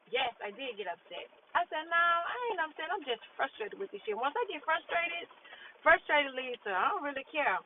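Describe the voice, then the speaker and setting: A woman telling a work story in a blunt, profane, frustrated casual rant, acting out what others said. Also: sits high. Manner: blunt, profane, frustrated, retelling with quoted dialogue. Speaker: vlogger. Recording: tinny phone-like audio with faint noise.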